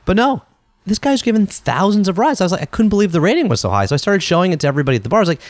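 Animated man telling a podcast story. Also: high voice, rapid-fire, no echo. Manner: animated, chatty storyteller who acts out quotes. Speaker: podcast host.

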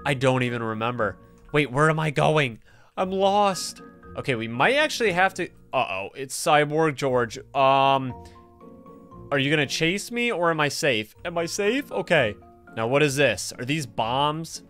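A man giving live gameplay commentary as a gaming creator, excitable and talking to the game's characters and to his viewers. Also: fairly high pitch, measured pace, soft background music. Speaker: gaming YouTuber.

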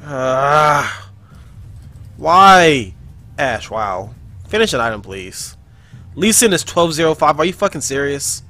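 A man's voice: fairly high pitch, takes it slowly, pauses often. Young man cursing over gameplay. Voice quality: profane, excitable. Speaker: gamer. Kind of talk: casual gameplay commentary. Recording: game music behind voice.

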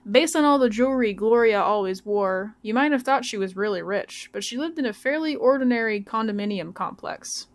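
A woman student reading a novel aloud in a steady, careful way. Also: fairly high pitch, brisk, hardly any pauses. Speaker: student reader.

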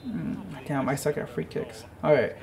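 A man's voice: a little high, unhurried, vocal fry, darkish tone. A young man giving casual, profane commentary while playing a football video game, muttering and grumbling to himself about lag. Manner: swearing, frustrated, muttering to himself. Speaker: gaming channel host. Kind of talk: live gameplay commentary.

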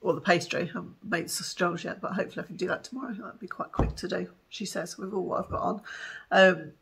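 A tired woman, chatting excitedly to camera in a home vlog and giggling often. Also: fairly low pitch, fast, vocal fry, slightly rough. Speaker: vlogger. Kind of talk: casual chat to camera.

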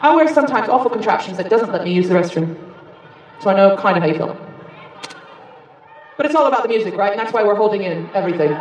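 An American woman singer on stage, talking playfully to a concert crowd and shouting out to them. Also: mid-range voice, lively intonation, fast talker, pauses often. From United States. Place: large live concert venue. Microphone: stage mic through the PA. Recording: echoey live concert audio from far off. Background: loud cheering crowd.

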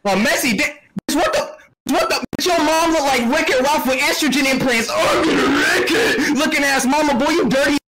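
A man doing a squeaky-voiced cartoon roaster. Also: fairly quick, crowd noise, poor audio. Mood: mocking. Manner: insulting, mocking, chanting and shouting. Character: brash young male roaster trash-talking nonstop. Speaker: roast battler. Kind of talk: rapid-fire roast rap over a beat. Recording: loud music beat behind.

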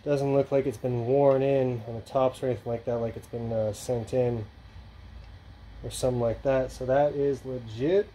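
Male channel host, casual rambling vlog delivery, warm low-lit tone, light background noise. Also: fairly even intonation, normal speed, rough recording. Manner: rambling, filler-heavy, offhand.

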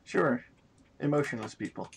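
A man's voice: medium pitch, animated, normal speed, creaky. A man from Denmark, a native Danish speaker with a Danish accent, chatting casually while streaming a game. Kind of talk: casual gaming chat.

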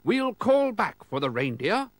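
Solemn, kindly old Father Christmas, read by a man, raised high and loud, dry sound. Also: very animated, unhurried, no room sound. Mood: hurried. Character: mysterious elderly male Father Christmas, solemn and kind.

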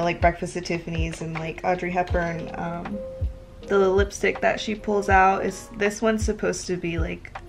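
A woman's voice: on the low side, creaky. A woman with a Southern American accent, chatting casually and swearing freely while she gets ready at home. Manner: chatty, swearing, rambling with fillers. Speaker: vlogger. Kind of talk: casual chat.

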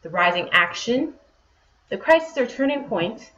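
A woman's voice: fairly high pitch, big pitch swings, unhurried, fairly bright tone. Woman teacher, patient step-by-step explaining, roomy echo, dull lo-fi sound. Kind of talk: classroom lesson. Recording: echoey, dull lo-fi room sound.

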